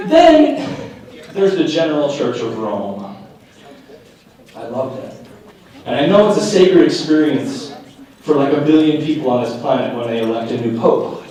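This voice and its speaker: A man performing live stand-up comedy, animated and slipping into mock voices for his characters. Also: mid-range voice, unhurried, long pauses, a crowd in the background. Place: live venue with audience. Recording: echoey room, picked up from a distance.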